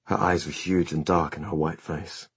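A man narrating an audiobook in a measured, steady storytelling manner. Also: sits low, breathy edge, no room sound. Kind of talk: scripted narration.

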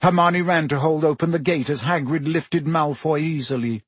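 A man reading a fantasy story aloud in an expressive audiobook style. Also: on the high side, moderate pace, slightly rough, dry recording. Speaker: audiobook narrator.

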